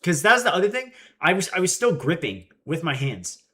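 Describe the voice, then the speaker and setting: A young man in his twenties chats casually with his stream audience. His voice is bright and a bit tense, and he tells his stories with animation, acting out the quotes. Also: on the high side, huge pitch swings, brisk. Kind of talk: casual livestream chat.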